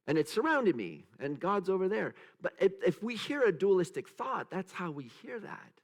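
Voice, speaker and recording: A man's voice: high voice, moderate pace. A male pastor giving a sermon, searching for words and acting out quotes in a raised voice, leading the congregation in repeating phrases. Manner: animated, acts out quotes in a raised voice; searching, with many restarts and trailing asides.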